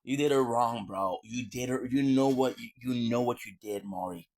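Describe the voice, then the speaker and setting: A man's voice: medium pitch, normal speed, darkish tone. A man streaming and chatting casually while he eats, joking and rambling with lots of fillers and murmurs of enjoyment. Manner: joking and rambling, with many fillers and food sounds.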